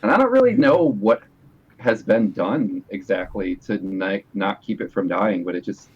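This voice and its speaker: A man's voice: lowish voice, expressive, moderate pace, slightly rough. A man chatting on a panel in a laid-back, wry way, heard over dull lo-fi call audio. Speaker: panelist, guitarist. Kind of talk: casual panel chat on a video call.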